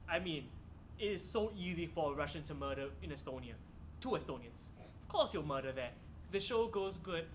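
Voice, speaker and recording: A young man doing a solo stand-up livestream, with a high, bright voice over a faint hum of room sound. He tells stories in a jokey way, laughs at his own punchlines, and talks straight to his online viewers from a comedy club. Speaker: stand-up comedian and show host. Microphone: streaming camera mic.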